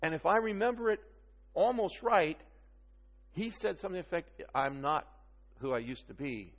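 A man preaches to a room in an easygoing, teasing way, often pausing to check that everyone follows. His voice sits a little high for a man. The sound carries a long hall reverb. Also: lively intonation, dull audio. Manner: conversational, teasing, checks in with "okay?". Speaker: pastor. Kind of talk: sermon.

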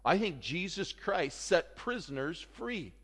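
A man preaching in an animated way, his voice sitting a bit higher than most men's. He swings from loud, urgent outbursts to quiet, hushed asides. The sound rings with the long reverb of a church hall. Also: a little slow. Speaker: pastor. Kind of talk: sermon.

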